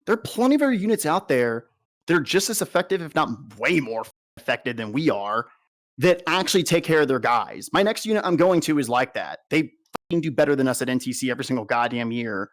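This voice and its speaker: A man's voice: mid-range voice, sing-song, quick pace. A young adult man, a soldier, giving a blunt and heavily profane personal account in an interview.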